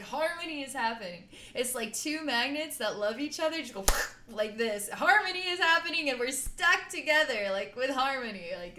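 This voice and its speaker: Psychic lady gushing thru a healing session, kinda high voice, giggly, roomy echo. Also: a bit bright. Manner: effusive, giggly and rambling, full of fillers. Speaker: psychic healer. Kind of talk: guided distance healing session.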